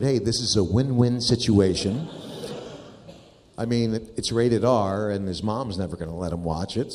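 A man's voice: on the low side, darkish tone. A man doing stand-up, telling a family story in a wry, exasperated way. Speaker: stand-up comedian. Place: comedy club stage. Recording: live stage recording with reverb and background noise.

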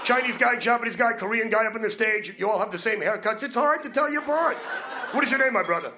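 A male stand-up comedian with a brash, fast-talking manner, needling the crowd from a comedy club stage during a live set. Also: sits high, pushed and bright. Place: comedy club stage before a laughing audience. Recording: noisy live club recording.

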